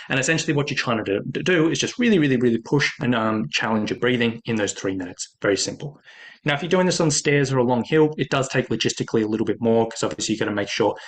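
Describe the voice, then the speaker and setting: A man's voice: mid-range voice, a bit bright. A man as a hiking fitness coach explaining a training method in a casual, repetitive way, with many fillers like "essentially" and "really, really".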